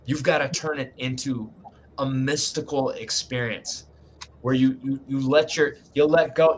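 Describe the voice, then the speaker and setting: A man's voice: medium pitch, steady tone, a little slow, a little hiss or hum. A man giving writing advice in a casual group video chat, emphatic and folksy, often tagging lines with "man", speaking from his home writing room.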